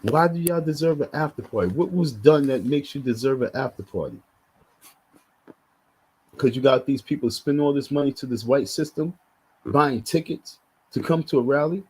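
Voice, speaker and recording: Man, husky voice, blunt and heated livestream commentator, repeats his points. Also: mid-range voice, moderate pace, a little mellow, low-quality recording. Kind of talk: casual live commentary.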